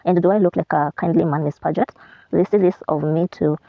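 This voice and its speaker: Woman reading as a gracious rich gentleman. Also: fairly low pitch, steady tone, no room sound, muffled recording, natural voice. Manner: slow, quiet, teasing. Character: wealthy soft-spoken British man, gracious.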